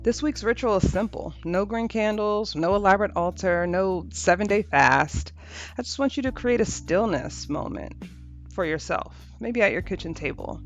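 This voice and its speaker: A woman hosting a podcast, talking through a reflective spiritual monologue in a gentle, unhurried way, repeating phrases for rhythm. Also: mid-range voice. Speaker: podcast host. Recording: dull lo-fi audio with faint music.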